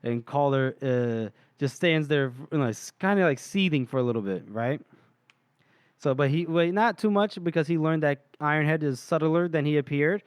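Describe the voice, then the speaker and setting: Smooth-voiced man retelling a story. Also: on the high side, normal speed, dry recording, studio quality. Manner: retells scenes at length, reading lines aloud with little laughs. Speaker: podcast co-host. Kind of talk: casual chat recapping a novel.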